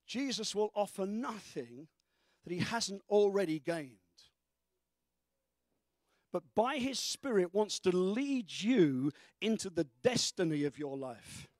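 A man preaching with great fervor, his voice sitting very high and rising into shouts to drive his points home. The sound is close and dry, with no room echo. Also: lively intonation, slow. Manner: fervent preaching that breaks into shouts. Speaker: pastor. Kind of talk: sermon.

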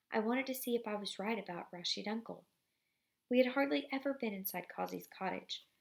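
Woman reading a novel aloud, gravelly edge. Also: medium pitch. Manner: steady, expressive reading with brief apologies for slips.

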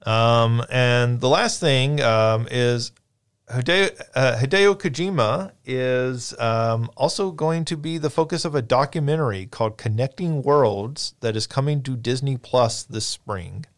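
A man hosting a games podcast in casual chat, relaxed and halting with many fillers. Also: medium pitch. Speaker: podcast host.

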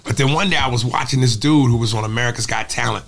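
A man's voice: mid-range voice, fast, gravelly. A male comedian and impressionist telling stories in a casual interview. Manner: animated storyteller who drops into impressions.

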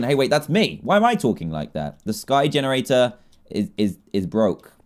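A young man giving excitable, jokey commentary while playing a block-building game, often laughing and yelling. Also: mid-range voice, moderate pace. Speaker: gaming video creator. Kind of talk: Minecraft let's play commentary.

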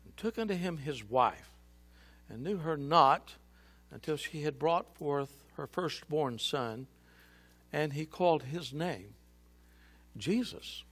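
A male pastor reading scripture and a book aloud dramatically in a church, swinging between loud and hushed. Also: on the high side, lively intonation, slow, long pauses, husky, faint music behind. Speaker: senior pastor. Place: church sanctuary.

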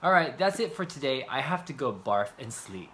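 Animated man hosting a vlog. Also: mid-range voice, a little fast, slight background noise. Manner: animated, exclaiming and laughing. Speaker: vlog host. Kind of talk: casual chat, taste-testing.

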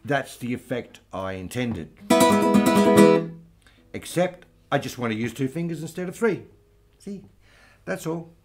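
A man teaching flamenco guitar, explaining strumming patterns slowly and patiently. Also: medium pitch, animated. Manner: slow, patient, counts aloud over playing. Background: flamenco guitar playing.

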